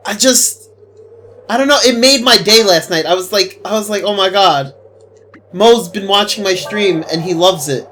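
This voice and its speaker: A man streaming a video game and chatting casually with viewers, excitable and gushing, laughing often. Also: high voice, a little hiss or hum. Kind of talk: casual gameplay stream chat. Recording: faint game music behind.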